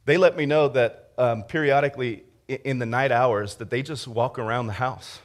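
Casting: a man as a pastor, easygoing storyteller, mid-pitched voice, sermon delivery. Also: moderate pace. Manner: conversational, storytelling with restarts and laughter.

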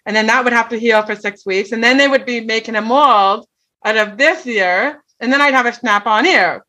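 A woman's voice: fairly high pitch, moderate pace, bright, forceful tone. A middle-aged woman telling a personal story in an earnest way, often checking in with "right?". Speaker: guest.

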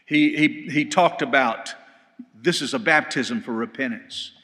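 A man teaching a Bible study in sermon style, telling stories with animated delivery, recorded live in a church hall. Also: mid-range voice, measured pace. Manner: animated storytelling, shouting quoted lines.

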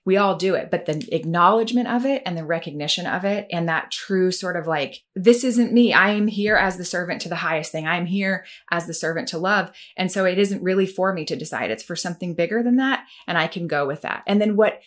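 A woman hosts the talk in a somewhat low voice. She is emphatic and excited, and she circles back and restarts as her thoughts tumble out. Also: fairly quick, few pauses. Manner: enthusiastic and emphatic, with many restarts. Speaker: host. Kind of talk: casual podcast chat.

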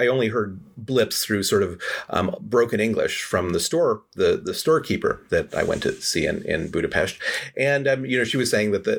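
Guy rambling through a folk tale, kinda husky voice, lots of ums. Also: low-pitched, a bit bright. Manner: rambling, hesitant with fillers. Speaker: storyteller. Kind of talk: casual storytelling.

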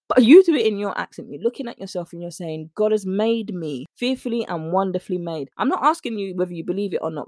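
A woman's voice: fairly low pitch, dry recording. Emphatic woman podcaster, dry sound. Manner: emphatic and animated, with mock voices. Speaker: podcast host. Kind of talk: faith-based motivational monologue.

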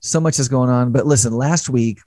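A man's voice: mid-range voice, normal speed, warm tone, dry recording. A middle-aged man hosting a studio chat show, upbeat and chatty with jokey asides. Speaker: host.

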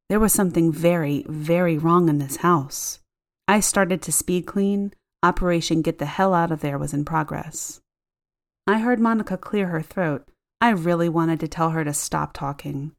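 A woman narrating a first-person horror story in a measured, tense storytelling manner. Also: lowish voice, creaky.

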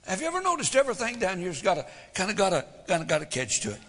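A man's voice: sits high, huge pitch swings, racing, fairly bright tone, big-room sound. A man preaching a sermon as pastor, folksy, full of rhetorical questions, swelling and dropping for drama.

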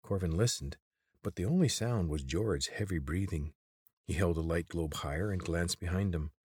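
A man reading a chapter book aloud in steady, measured storybook narration. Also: low-pitched, slightly rough, no room sound, studio quality. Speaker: audiobook reader.

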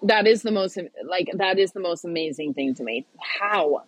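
A woman's voice: lowish voice, expressive, moderate pace, breathy edge, no echo, poor audio. A woman guest on a podcast, chatting casually and animatedly, often laughing. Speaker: podcast guest, pickleball player. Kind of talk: casual chat.

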